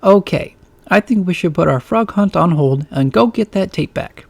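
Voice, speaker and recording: A man voicing an excitable, odd little boy with a bouncy, eager manner. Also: high-pitched, moderate pace, vocal fry, no echo, pitched above the performer's own voice, full character voice.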